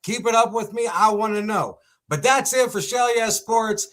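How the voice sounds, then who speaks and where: An excitable young man hosts a casual sports segment, full of exclamations. His voice sits a little on the high side. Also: normal speed.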